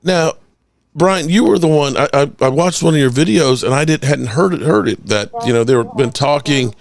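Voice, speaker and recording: A man co-hosting a casual live sports stream, reading viewer chat aloud and shouting out fans. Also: a little high, normal speed, gravelly. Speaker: sports podcast co-host.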